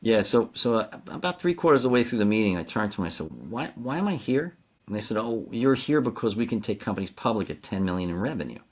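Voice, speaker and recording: A middle-aged man from the United States on a business podcast, talking in a lowish voice. He tells his stories with energy, acts out each exchange, and drops in plenty of fillers as he goes. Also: quick pace, hardly any pauses. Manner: animated anecdotes with acted-out dialogue, frequent fillers. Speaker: podcast guest, CEO coach. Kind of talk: storytelling in a business interview.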